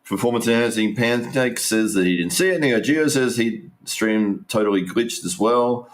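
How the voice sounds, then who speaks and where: A man's voice: medium pitch, normal speed. A man giving casual, rambling live stream commentary, restarting sentences and talking straight to his viewers.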